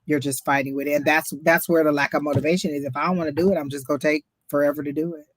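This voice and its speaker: A woman's voice: sits low, fairly even intonation, racing. A woman co-hosting a livestream tarot reading, chatty, blunt and outspoken. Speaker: tarot reader and co-host.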